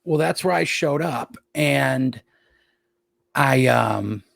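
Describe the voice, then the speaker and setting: Telling anecdotes full of swearing, a Rochester, New York man appears as a podcast guest and mimics what others said as he goes. He speaks slowly in a creaky, mid-range voice, recorded with clean studio sound and no echo.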